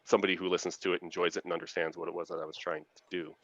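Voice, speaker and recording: A deep-voiced man talks as an author guest, earnest and enthusiastic, quick to laugh. His voice comes through a dull, lo-fi video call with a dead, dry sound and no room around it. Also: flat delivery, a bit bright, no echo. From Canada. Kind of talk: casual interview chat.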